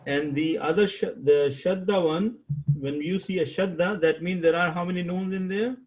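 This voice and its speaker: A man teaching an online Arabic grammar class over a video call, slow and patient, repeating key terms and quizzing his students. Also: high-pitched, fairly even intonation, low-quality recording. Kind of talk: live online class lecture.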